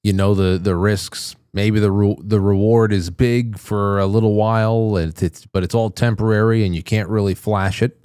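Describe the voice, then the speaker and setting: A man's voice: lowish voice, level tone, moderate pace, hardly any pauses, a little mellow, clean tone, dry recording, studio quality. A man hosting a podcast, reflecting aloud with frequent restarts. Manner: reflective, searching for words with restarts. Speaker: podcast host. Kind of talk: conversational podcast talk.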